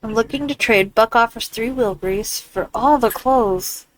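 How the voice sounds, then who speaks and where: A woman talking casually through a video game, with frequent exclamations. She reads on-screen text aloud as she plays. Her voice sits a little high. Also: measured pace, a little hiss or hum, low-quality recording. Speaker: gamer. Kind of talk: casual gameplay commentary.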